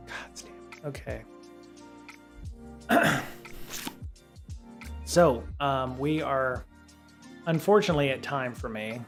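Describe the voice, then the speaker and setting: A middle-aged man hosting a live stream. He reads from a programming book at a steady pace, then drifts into loose chat full of ums and restarts. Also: mid-range voice. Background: faint guitar music.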